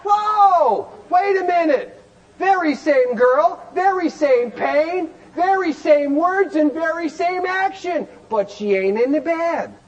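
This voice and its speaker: High-pitched man lecturing animatedly. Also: takes it slowly, hardly any pauses, rough recording. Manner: animated, rhetorical questions, bursts of shouting. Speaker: recovery program speaker. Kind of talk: lecture to a group.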